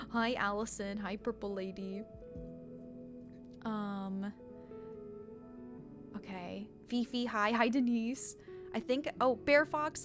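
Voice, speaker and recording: A woman's voice: on the high side, fairly bright tone. A woman streamer chatting casually on a live stream, bubbly, greeting viewers by name, often laughing and getting emotional.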